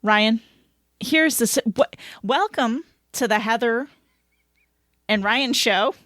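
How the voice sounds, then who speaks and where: Woman co-host, chatty, rambling, fairly high voice, dry close sound. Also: fairly bright tone, no echo. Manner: chatty, rambling, quick to laugh. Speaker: podcast co-host. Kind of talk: casual chat.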